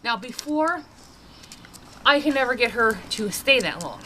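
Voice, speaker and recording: A woman's voice: lively intonation, measured pace, sharp tone, slight background noise, low-quality recording. Chatty woman training her dogs. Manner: chatty, switches to high sing-song praise for dogs. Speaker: dog trainer and vlogger. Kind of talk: casual dog training demonstration.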